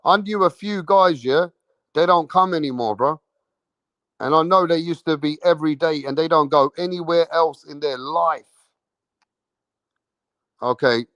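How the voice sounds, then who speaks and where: Speaking with a London accent, a boxing channel host fires questions at his livestream chat and waits for answers, brash and slangy, swearing and repeating himself. His voice is a little high and a little slow, with long pauses. The tone is fairly bright, and there's no room sound.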